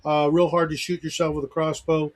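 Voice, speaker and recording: A man's voice: on the high side, little pitch movement, a little fast. A middle-aged man hosting a livestream talk show in casual chat, rambling with lots of fillers. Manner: rambling, heavy use of fillers.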